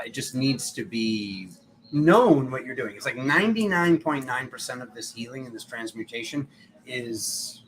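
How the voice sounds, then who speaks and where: A man's voice: mid-range voice, sharp tone, a little hiss or hum, poor audio. Chatty man giving tarot readings. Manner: chatty, rambling, self-mocking. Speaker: tarot reader. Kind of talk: casual live-stream chat.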